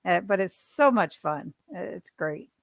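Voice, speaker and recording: A woman's voice: fairly low pitch, lively intonation, a little slow, vocal fry, no room sound. A woman hosting a livestream, chatting and reading viewer comments aloud. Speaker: livestream host. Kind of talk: casual livestream interview.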